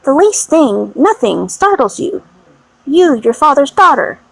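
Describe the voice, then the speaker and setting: A woman voicing a gentle elderly father, a doctor, calm and soothing, in an audiobook reading. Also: high voice, a little slow, gravelly, no echo, pitched above the performer's own voice, exaggerated voice, low-quality recording.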